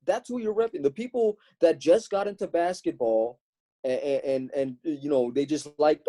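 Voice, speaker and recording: A man's voice: a little high, moderate pace, mellow. A young man from Los Angeles co-hosting a comedy podcast, lecturing emphatically in casual chat. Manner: lecturing, emphatic, tag questions. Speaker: podcast co-host.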